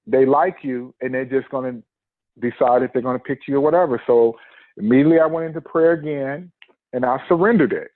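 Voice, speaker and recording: On a podcast interview, a male guest with a medium-pitched voice tells a personal story, acting out the quotes and laughing often. The audio is dry and has a tinny, phone-line quality.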